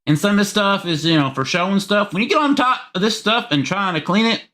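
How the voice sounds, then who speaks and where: A man's voice: high voice, expressive, fast talker, pushed and bright. A man with a Southern accent hosting a live call-in stream, joking around rowdily and swearing freely. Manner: rowdy, profane and joking. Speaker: livestream call-in show host. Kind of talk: casual live stream chat.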